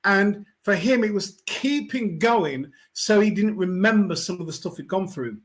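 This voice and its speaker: A middle-aged man from England hosting a weekly online talk, speaking in a reflective, unhurried, conversational way with many fillers and restarts. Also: sits high, expressive. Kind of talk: reflective pastoral talk to camera.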